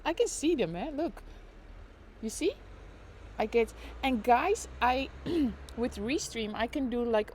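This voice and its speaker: Her voice is medium-pitched and a little mellow, with slight background noise. This middle-aged woman is live-streaming from home in her apartment during lockdown, phone in hand, chatting playfully with giggles and pretend sports commentary.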